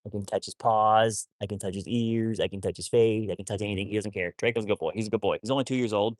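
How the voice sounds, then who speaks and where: A wolfdog rescuer livestreams while working with his dogs, chatting casually with viewers in a rambling way, repeating himself, restarting sentences and trailing off mid-thought. His voice is fairly low, fast, fairly even in intonation and a little mellow, and he coos soothingly to the dogs. The recording is clean studio sound with no room echo.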